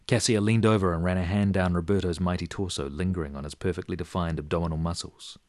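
A man reading a parody bedtime story aloud in slow, mock-serious narration. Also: low voice, fairly even intonation, darkish tone, dry recording, clean studio sound.

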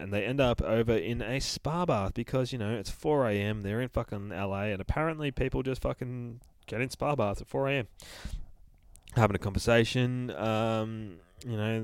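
A man with a lowish voice tells a horror comic's plot in a loose, profane ramble. He swears nonstop and jumps into the characters' lines as he goes. The sound is dry and close, with no room around it. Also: smooth, dry recording. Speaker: comic book podcast host. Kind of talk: casual profane comic recap.

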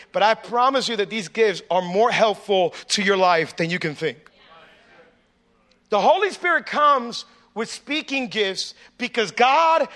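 High bright voiced guy preaching, chatty with the crowd, gets loud and emphatic. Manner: conversational storytelling with audience asides. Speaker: pastor. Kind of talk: sermon.

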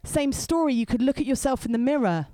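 A woman gives a sermon in a chatty, storytelling way, turning to the crowd with quick asides. Her voice sits fairly high and swings a great deal, rising and falling through each line. The sound is close and dry. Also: animated, warm tone, no room sound. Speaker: speaker at a youth event.

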